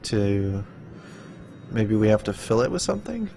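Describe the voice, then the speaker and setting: A man with a fairly low voice plays through a story game, talking to himself in a loose, musing way. Soft game music runs faintly underneath. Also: measured pace, vocal fry. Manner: relaxed, musing aloud with frequent okays and hms. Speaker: let's play host. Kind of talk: casual gameplay commentary.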